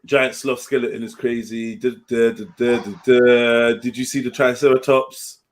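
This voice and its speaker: A man's voice: mid-range voice, little pitch movement, moderate pace. A young man hosting a livestream, joking, swearing and laughing in slangy casual banter. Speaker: livestream host.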